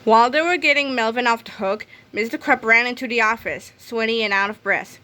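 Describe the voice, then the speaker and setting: A woman reading a children's chapter book aloud in a lively storytelling manner. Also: fairly high pitch, a little fast. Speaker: read-aloud narrator.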